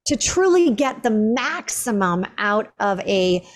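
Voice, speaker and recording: A woman hosting a podcast interview, speaking at a medium pitch for a woman. She tells her story in an animated, chatty way and scatters "like" through her sentences. Her voice comes through a remote call microphone. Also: slow. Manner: animated storytelling with many "like" fillers. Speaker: podcast host. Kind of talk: conversational interview.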